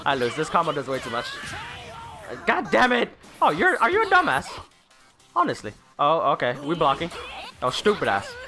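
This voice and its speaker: Excitable, trash-talking young gamer man. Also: fairly high pitch. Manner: trash-talking, laughing, swearing at opponents. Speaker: gaming YouTuber. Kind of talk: casual gameplay commentary. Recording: faint game music behind.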